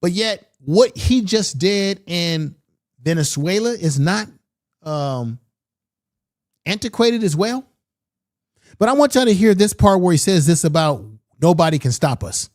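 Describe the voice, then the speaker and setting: A man's voice: sits high, expressive, unhurried, darkish tone. A man giving opinionated political commentary with emphatic delivery and repeated rhetorical questions.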